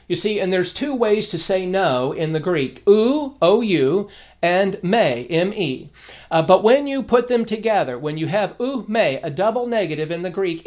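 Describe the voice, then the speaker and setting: A man with a notably high voice delivers a theology lesson. He speaks emphatically, repeating his main points and citing scripture references. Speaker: Bible teacher. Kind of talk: theology lecture.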